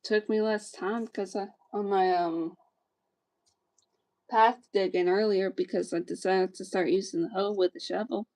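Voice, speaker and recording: A woman from Georgia with a Southern accent, chatting casually to her stream about her woodworking in a relaxed, rambling, joking way. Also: medium pitch, measured pace. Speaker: streamer and vlogger. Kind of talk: casual chat while woodworking.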